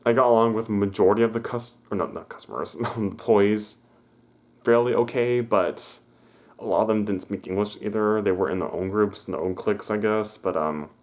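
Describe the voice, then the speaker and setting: A man's voice: fairly low pitch, moderate pace, darkish tone. A young man telling a story in a casual vlog, rambling with many restarts and stammers, and acting out the people he quotes in a raised voice. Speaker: vlogger.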